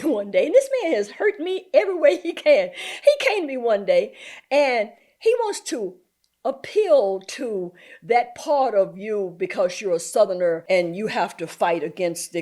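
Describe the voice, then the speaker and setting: A woman's voice: medium pitch, normal speed. An older woman from the American South, a community activist telling workplace stories in an interview, laughing often as she goes. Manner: animated storyteller, laughs often. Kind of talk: storytelling interview.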